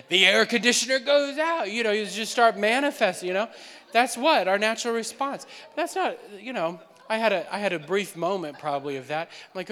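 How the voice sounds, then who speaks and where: A young adult man, a pastor, preaching an animated sermon with laughter and acted-out dialogue. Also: high voice, brisk. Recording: long hall reverb.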